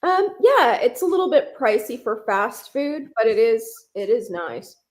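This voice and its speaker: A woman's voice: fairly high pitch, animated, unhurried, darkish tone. A woman from the United States on a live stream panel, chatting casually and explaining things in a plain, curious way.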